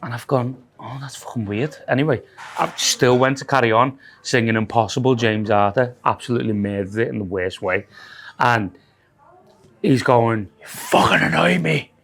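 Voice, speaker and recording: A young man, co-hosting a podcast, telling a story in a casual and animated way, swearing and acting out what others said. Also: medium pitch, normal speed. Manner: animated, sweary storytelling, acts out quoted voices, says "lad" a lot. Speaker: podcast co-host.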